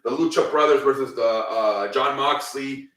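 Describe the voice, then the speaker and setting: A man talks through last night's wrestling in a loose, rambling way, full of "um" and casual swearing. His voice is bright and forceful. He sits back from the mic in a roomy space, so his words echo. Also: medium pitch, moderate pace, recorded from a distance. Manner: rambling, filler-heavy, swears freely. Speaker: wrestling show recap host. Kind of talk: casual spoken recap.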